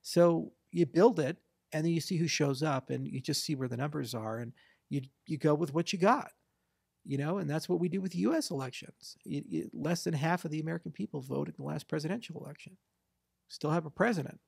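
A man with a gravelly, husky voice answers interview questions at a mid pitch. He talks confidently and at length, with a dry, close sound and no room around him. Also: a little mellow, dry recording. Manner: fast, confident, discursive, mimics voters for effect. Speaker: interview guest, blockchain founder. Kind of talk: casual interview talk.

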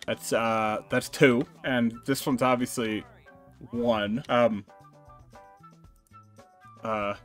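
A young man narrating a let's play, joking around and reacting loudly to the game. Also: medium pitch. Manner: excitable, jokey, squeals when startled. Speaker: gaming YouTuber.

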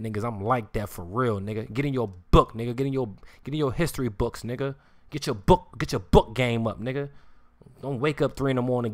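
A man on a live stream, ranting in a heated, profane and confrontational way, repeating himself and pressing his listeners with questions. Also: medium pitch. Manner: insistent, keeps asking "you hear me". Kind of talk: heated livestream rant.

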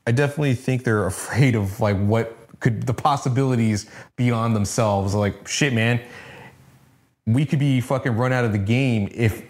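A man's voice: medium pitch, normal speed, darkish tone. A man co-hosting a podcast in casual chat, blunt, opinionated and profane. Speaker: podcast co-host.

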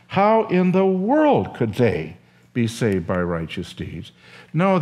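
Older man telling a story, very lively. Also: mid-range voice. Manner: animated, emotional storytelling with acted quotes. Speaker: seminary professor. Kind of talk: storytelling lecture.

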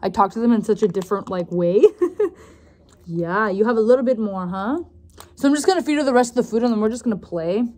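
A woman's voice: medium pitch, fast, a little mellow. A young woman talking casually to her vlog viewers, loose and chatty with plenty of "like" and "um". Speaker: vlogger.

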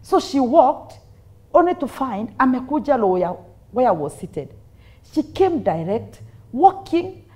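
Lively Kenyan woman telling her story. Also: high voice. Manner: dramatic, lively storyteller who mixes in Swahili phrases. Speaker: guest. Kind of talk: personal faith testimony in an interview.

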